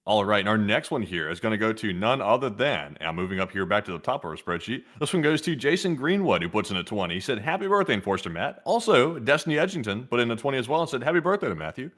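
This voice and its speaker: A man's voice: lowish voice, very animated, fast, hardly any pauses, fairly bright tone. A man in his twenties co-hosting a live stream, reading out donor names and messages in a friendly way and sometimes stumbling over words. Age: 20s. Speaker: co-host reading donations.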